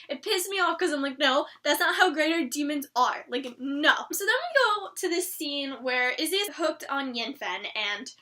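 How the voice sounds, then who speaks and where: A young woman vlogger chatting casually about a TV episode, excitable and rambling, full of "like"s. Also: high-pitched. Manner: gushing, excitable, rambling with many "like"s. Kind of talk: casual chat.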